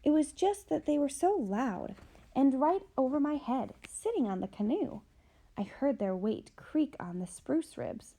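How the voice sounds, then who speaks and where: Storybook role: woman voicing a boastful male storyteller, animated. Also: high-pitched, unhurried, voice pushed up, full character voice. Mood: dramatic. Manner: dramatic, animated telling. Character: boastful male storyteller recounting his scare.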